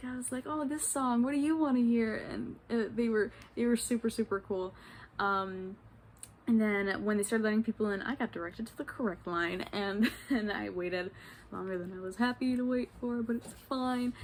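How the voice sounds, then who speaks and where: A young woman from New York talks excitedly to camera, gushing with many ums and little giggles. Her pitch sits in an ordinary middle range. A faint hiss of noise runs under the recording. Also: low-quality recording. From New York state. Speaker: vlogger. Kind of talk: casual vlog chat.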